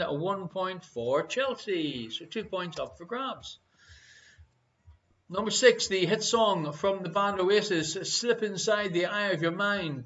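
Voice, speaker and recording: A man's voice: sits high, a bit bright. An Irish man hosting a casual online quiz show, reading out questions and answers with joking banter and hesitant fillers. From Ireland. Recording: muffled, lo-fi stream audio.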